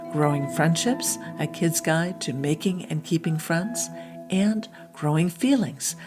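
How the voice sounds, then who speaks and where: A woman hosting a children's podcast as a psychologist, gently teaching step by step in an encouraging way. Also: fairly low pitch.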